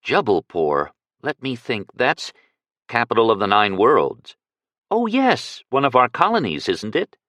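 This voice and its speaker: A man's voice: mid-range voice, wildly swooping pitch, a little slow, no room sound. An audiobook reader voicing a gracious, poised young woman who plays hostess, polite and curious. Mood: polite curiosity. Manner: polite, curious, brightly sociable.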